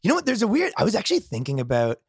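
A man's voice: high-pitched, huge pitch swings, very fast, breathy edge, no echo, clean studio sound. A man from Canada hosting a casual podcast chat, rambling and padding his sentences with filler words. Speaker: podcast host.

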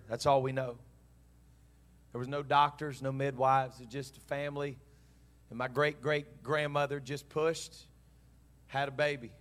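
A man's voice: medium pitch, fairly bright tone. A man preaching a sermon, telling a story in an earnest, heartfelt way and voicing both sides of a dialogue. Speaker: pastor.

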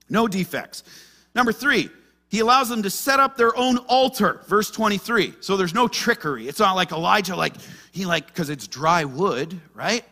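A man preaching to his church, his fairly high voice bright and forward. His pitch leaps and falls as he drives his points home. He slips into the voices of the people in the story as he goes. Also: normal speed. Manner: animated, acts out quoted voices. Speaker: pastor. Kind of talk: expository sermon.

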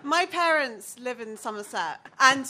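A woman's voice: high-pitched, animated, unhurried, background noise. A woman on a comedy panel, telling amused anecdotes.

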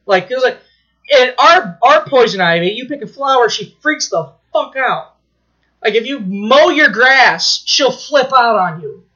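A man co-hosting a podcast, excitedly retelling a plot in casual chat, swearing freely and restarting his sentences. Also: very high-pitched, measured pace, highs cut off.

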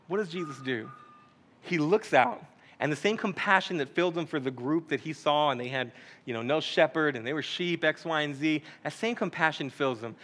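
A male pastor delivers a sermon in an easygoing, joking manner, dropping slang into his teaching. His voice sits high for a man and rings bright and forward, carrying through a church hall. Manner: casual, joking preacher talk with slang.

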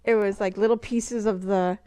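A woman's voice: mid-range voice, steady tone, moderate pace, mellow, smooth. A woman co-hosting a casual chat, giggly and rambling. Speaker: podcast co-host.

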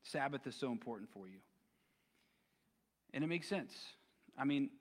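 A man's voice: mid-range voice, animated, moderate pace, big-room sound. A man preaching a sermon as pastor, conversational and casual, with plenty of slang. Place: church sanctuary.

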